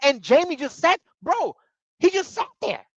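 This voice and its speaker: A man recapping a reality show in casual commentary, talking excitably in slang and tripping over his words. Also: very high-pitched, a little slow, no echo, muffled recording. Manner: excitable, slangy, repeats bro, stumbles.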